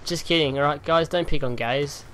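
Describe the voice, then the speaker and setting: Bright-voiced gamer ranting. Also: male voice, on the high side, normal speed. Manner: loud, heckling and swearing at opponents. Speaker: gaming commentator. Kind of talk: live gameplay commentary. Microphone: desk mic with pop filter.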